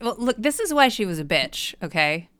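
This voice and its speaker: Bright, crisp woman co-host. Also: mid-range voice, sing-song, normal speed, dry recording, studio quality. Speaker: podcast co-host. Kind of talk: casual chat.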